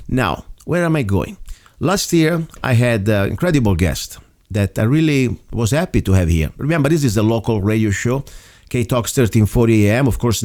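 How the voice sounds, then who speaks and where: A man's voice: medium pitch, darkish tone. A man with an Italian accent hosting a local talk radio show, speaking earnestly and rambling between points. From Italy. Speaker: radio host.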